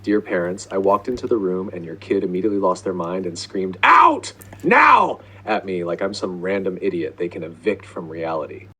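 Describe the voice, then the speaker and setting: A man narrating angry complaint emails to parents in an exasperated, profane, deadpan comic manner. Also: low-pitched, brisk, hardly any pauses, slight background noise, rough recording. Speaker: school principal character writing to parents.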